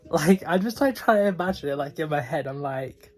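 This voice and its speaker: Man, book vlogger, giggly and rambling, low-key casual delivery. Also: expressive, fairly quick, faint music behind. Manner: giggly, laughs often, many "like" fillers. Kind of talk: casual reading update.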